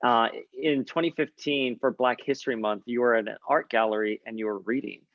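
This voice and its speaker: A man with a Miami accent, Spanish his first language, hosting a casual podcast chat. He speaks at a mid pitch, playful and quick to laugh. The recording sounds muffled and dry, with no room echo. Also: steady tone. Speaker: podcast host.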